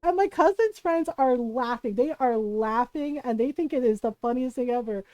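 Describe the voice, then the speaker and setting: A woman streamer telling a funny family story in casual chat, animated and laughing often. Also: fairly high pitch, normal speed, no room sound, lo-fi sound. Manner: animated, laughing often, tags lines with "right?".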